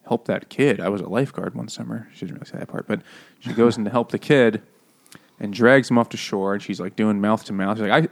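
A man's voice: lowish voice, gravelly. A man co-hosting a casual book-club podcast over beer, retelling a plot with swearing and jokes. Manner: profane, joking, lively retelling of a plot. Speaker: podcast co-host.

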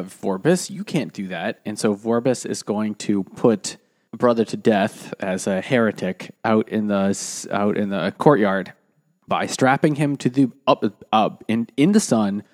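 A man co-hosting a casual book club podcast, retelling a story with lots of fillers and restarts. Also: medium pitch. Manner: rambling plot summary with many fillers. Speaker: podcast co-host.

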